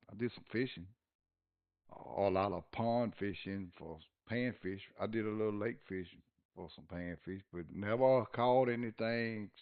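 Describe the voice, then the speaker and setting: A man's voice: lowish voice, dull audio. A man telling stories in a casual chat, laughing often. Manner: folksy storyteller, laughs often. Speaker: podcast host.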